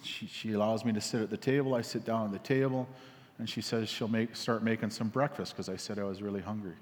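A man's voice: on the low side, fairly even intonation, fast talker. A man telling a parable in a casual, repetitive sermon, with many fillers and restarts. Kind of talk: rambling storytelling sermon. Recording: long hall reverb.

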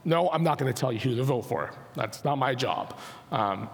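A man, a pastor giving a sermon and prayer, his voice partly lost to allergies, talking in a halting way with many fillers and restarts. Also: mid-range voice, lively intonation, gravelly. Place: church sanctuary. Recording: long hall reverb.

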